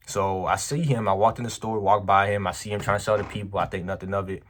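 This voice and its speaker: A man's voice: on the low side, fast talker. A man, a business owner, telling a personal story in a casual, emphatic vlog monologue, full of slang. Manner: animated, emphatic, slangy, says "bro".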